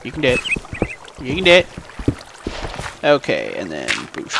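With huge pitch swings and vocal fry, a man talks a little slowly in a mid-range voice while hosting a gaming video. He chats casually, thinks aloud and hums small sound effects to the game, with clicking of a mouse and keyboard in the background.

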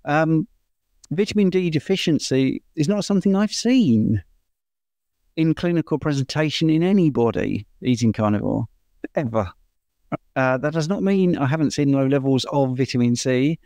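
A man's voice: on the high side, animated, mellow, smooth, dry recording. Chatty man explaining, dry close sound. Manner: chatty, explanatory, quick to laugh. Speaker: doctor answering viewer questions. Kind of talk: casual Q&A chat.

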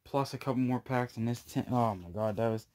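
A man's voice: medium pitch, brisk, a little mellow. A man opening trading card packs on camera, talking to his viewers in a breathless, exclamatory way. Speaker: card collecting YouTuber. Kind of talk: casual pack-opening vlog.

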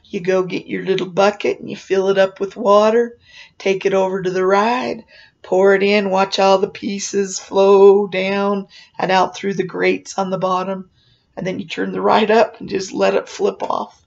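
A woman recounts a memory in an animated storytelling manner, slipping into voiced quotes of the people in it. Her mid-pitched voice has a gravelly edge. The recording sounds a little dull and muffled. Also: a little slow. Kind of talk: personal storytelling.

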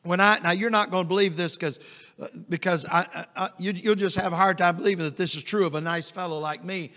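A middle-aged man preaching a sermon as an evangelist, telling folksy stories and rising to loud, emphatic peaks. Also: high-pitched, steady tone, quick pace. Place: church sanctuary. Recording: long church reverb.

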